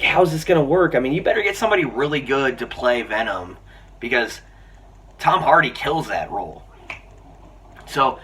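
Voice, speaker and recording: Excitable young man reviewing a film. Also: mid-range voice, slightly rough, distant mic. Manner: excitable, rambling with frequent restarts and fillers. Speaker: movie reviewer. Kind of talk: casual spoken film review.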